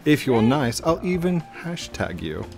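High voice, snooty, haughty cat diva, a man doing the voice. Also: very animated, a little slow, vocal fry, over music.

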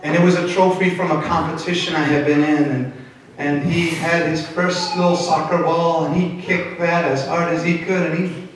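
A middle-aged man preaches a sermon with animated delivery and a fairly high voice. He is picked up from some distance in a very echoey church hall. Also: moderate pace. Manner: animated, switches into Spanish, acts out quotes. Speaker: pastor. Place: church sanctuary.

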